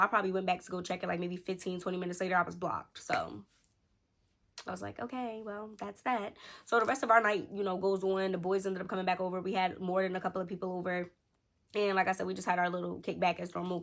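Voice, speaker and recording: A woman's voice: medium pitch, bright, forceful tone. A young woman in her twenties casually telling a storytime to her viewers, chatty and slangy. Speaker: storytime vlogger.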